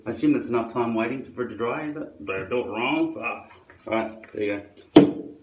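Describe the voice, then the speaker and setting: A man's voice: mid-range voice, brisk, distant mic, heavy background noise. A man demonstrating how he applies a hairpiece, talking to his viewers in a sardonic, grumbling way and swearing often. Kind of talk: casual how-to monologue to camera. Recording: echoey room.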